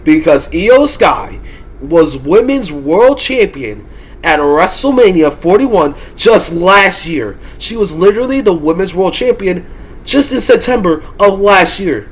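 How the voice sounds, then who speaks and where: A man losing his voice, giving heated, frustrated wrestling predictions in a ranting vlog and breaking into loud, swearing outbursts. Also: high voice, lively intonation, moderate pace, slightly rough. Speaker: wrestling commentator and YouTuber.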